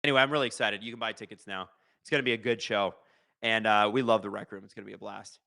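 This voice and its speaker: A man hosting a live hockey watch-along stream, chatting casually, joking and reading viewer comments aloud before breaking into quick play-by-play. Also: fairly low pitch, steady tone, vocal fry, sharp tone, dry recording.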